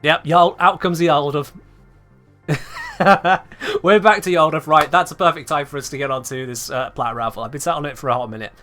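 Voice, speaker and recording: A man's voice: fairly high pitch, moderate pace, bright, forceful tone, faint music behind. A man from England with an English accent, chatting casually and wryly to his live-stream chat. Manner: chatty, wry, talking to chat. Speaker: game streamer.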